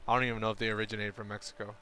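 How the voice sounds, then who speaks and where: A man's voice: on the low side, flat delivery, very fast, sharp tone. Giggly, rambling male streamer. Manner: rambling, joking, giggly, talks to chat. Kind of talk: casual live-stream chat while playing a game.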